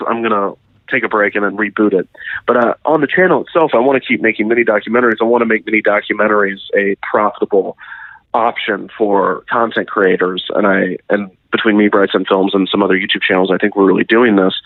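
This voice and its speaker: A man's voice: lowish voice, no room sound. A man speaking as a guest in a casual interview, rambling with lots of ums and restarts. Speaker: guest, YouTube documentary creator. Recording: tinny phone-like line.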